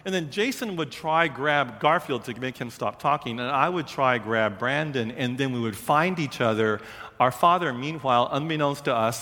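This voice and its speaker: A male preacher telling a story in a sermon, with an animated, dramatic, repetitive cadence. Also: medium pitch. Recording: long hall reverb.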